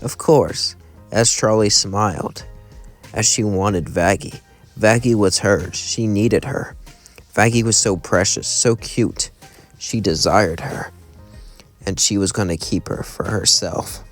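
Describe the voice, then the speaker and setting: A man's voice: fairly low pitch, slow pace, faint music behind. A man casually narrating a fan story in a loose, rambling way.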